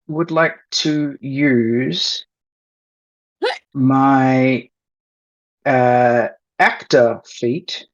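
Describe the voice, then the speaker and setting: Man, tabletop player, halting speech, slow, slightly muffled recording. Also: mid-range voice, steady tone. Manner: hesitant, with many pauses and fillers. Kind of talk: tabletop game play.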